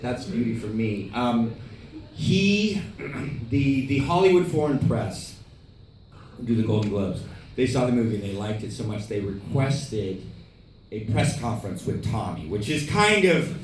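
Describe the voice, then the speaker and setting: A man telling anecdotes as a guest on a live Q&A panel, animated and laughing often. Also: mid-range voice. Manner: animated storytelling with lots of laughter. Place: large hall. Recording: echoey hall, far mic, noise.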